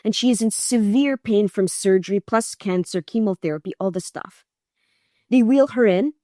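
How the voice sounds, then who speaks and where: A middle-aged woman, a guest on an interview show, telling her story in an earnest, animated way and acting out other people's voices. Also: mid-range voice, moderate pace, no echo, studio quality. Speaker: guest, cancer survivor.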